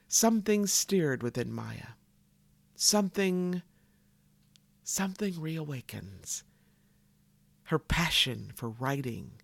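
A man delivering a solemn spoken tribute, slow and reverent, with dramatic pauses that sink to near whispers. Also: fairly high pitch, vocal fry, no room sound. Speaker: tribute narrator.

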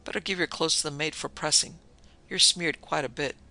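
A man plays a hard-drinking man of affairs who snaps out short commands in an audiobook. The voice is gravelly with a sharp, bright edge and sits a little high. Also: fairly even intonation, a little fast, full character voice. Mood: brusque. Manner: abrupt, commanding.

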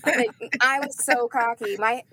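A young adult woman telling a childhood story to friends in a casual, animated way, swearing, mocking herself and laughing often. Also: on the high side, measured pace, slight background noise.

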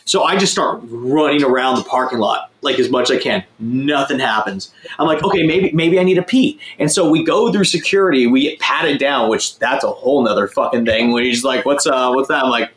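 A man's voice: mid-range voice, fairly quick, hardly any pauses, a bit bright. Crude, rambling young man in an echoey room. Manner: profane, rambling, self-mocking. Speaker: guest telling a story. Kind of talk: crude casual storytelling.

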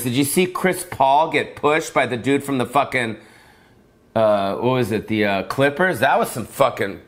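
A man's voice: mid-range voice, a bit bright. Rambling, foul-mouthed comic man. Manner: rambling, profane, repetitive. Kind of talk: profane comedic rant. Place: Las Vegas.

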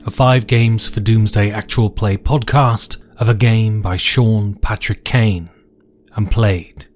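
A man's voice: fairly low pitch, steady tone, slow, faint music behind. A man hosting a solo tabletop game podcast, chatty and a little nervous, often restarting his sentences. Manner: chatty, slightly nervous, repeats himself. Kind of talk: casual podcast narration.

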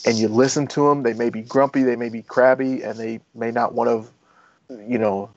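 A man who used to be a Marine and is now a firefighter talks in a loose, rambling way. He swears freely and perks up when he retells a story. His voice sits at an ordinary pitch, and the recording is dull and muffled. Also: moderate pace, no echo. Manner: rambling, profane, animated when retelling stories. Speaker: guest, former Marine turned firefighter. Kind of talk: casual interview storytelling.

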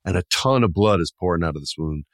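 A lower-pitched man chatting as a podcast co-host about a horror film. He tells the story with animated energy and jumps into exaggerated voices for the characters. The sound is dry and close. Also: fast, no room sound. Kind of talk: casual chat.

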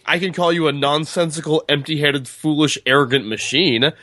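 A man's voice: on the high side, steady tone, normal speed, sharp tone, dry recording, voice pushed up. A man reading aloud as a stern, scornful male gunslinger, speaking the passage with heated emphasis.

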